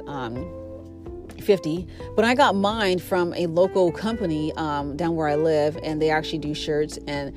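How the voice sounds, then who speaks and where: Podcast host: young American woman, casual and chatty, lowish voice, faint music underneath. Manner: chatty, many fillers, animated swings in pitch. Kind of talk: casual chat.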